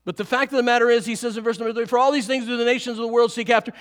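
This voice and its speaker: A middle-aged man preaching a sermon to a congregation, lively and animated, often chuckling. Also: very high voice, rapid-fire. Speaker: pastor.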